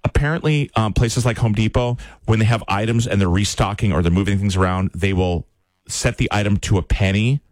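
A man hosting a morning radio show, chatting and joking quickly with callers and his co-host. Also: fairly low pitch, darkish tone, no room sound. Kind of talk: casual radio chat with callers. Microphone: studio microphone.

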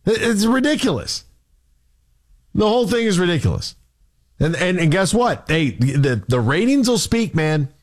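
Fired-up male sports radio host, high and animated, ranting. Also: moderate pace. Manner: exasperated, rhetorical questions. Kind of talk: heated sports talk rant.

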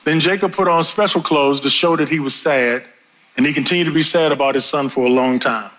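A middle-aged male pastor preaching a sermon, with big swings in pitch and pace. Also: fairly quick, a bit bright, rough recording.

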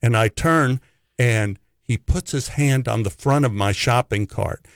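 A man spins a comic anecdote as a guest storyteller, acting out the people in his tale as he goes. His voice sits at an ordinary middle pitch. It is recorded close and dry. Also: unhurried, dry recording. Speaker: actor telling stories as a guest.

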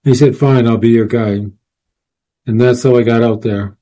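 Mellow-voiced man telling a rambling story. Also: mid-range voice, fairly even intonation, normal speed. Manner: rambling, with many fillers and restarts. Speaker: guest, paranormal researcher and author. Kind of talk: casual storytelling interview.

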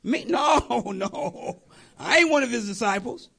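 A man's voice: very high voice, animated, measured pace, vocal fry, a bit bright, breathy edge, exaggerated voice. A man doing an eager, boastful disciple. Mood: denying. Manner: chatty, protesting, stammering. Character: eager boastful male disciple, loyal then scared.

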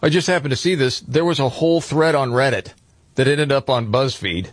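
A man hosting a talk radio show, chatty and quick with reactions and asides at a close studio mic. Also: mid-range voice, no room sound. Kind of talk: news talk show chat.

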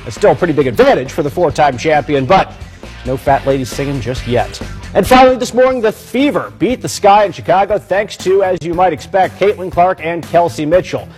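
A man delivering a TV sports news report in a lively, punchy way. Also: fairly high pitch, brisk, faint music behind. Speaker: sports anchor.

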